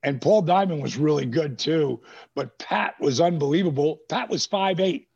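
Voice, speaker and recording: A middle-aged man telling animated, profane stories on a podcast, acting out the voices of people he quotes. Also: fairly high pitch, normal speed, gravelly, slightly rough. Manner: animated, profane storyteller who acts out quotes. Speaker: guest. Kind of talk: casual storytelling. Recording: dull lo-fi podcast audio.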